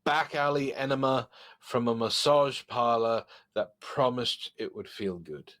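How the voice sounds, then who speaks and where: A man hosting a casual podcast, reading funny online stories aloud and joking about them with animated asides. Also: medium pitch, measured pace. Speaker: podcast host.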